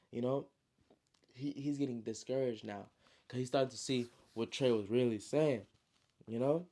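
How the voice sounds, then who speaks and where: A man casually retelling his novel in slangy, relaxed speech, full of "you know" fillers. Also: medium pitch, normal speed. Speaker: storyteller and author.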